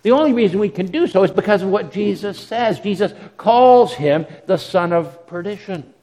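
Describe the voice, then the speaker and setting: A pastor preaches earnestly in a high, warm voice with lively intonation at normal speed, often repeating words as he restarts and adding dramatic quoted asides. The recording carries a long hall reverb.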